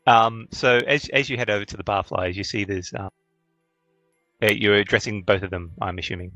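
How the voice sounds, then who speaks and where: A man narrating as game master of a tabletop game, halting with many fillers and restarts. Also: fairly low pitch, fairly even intonation, bright, forceful tone, dry recording, soft background music.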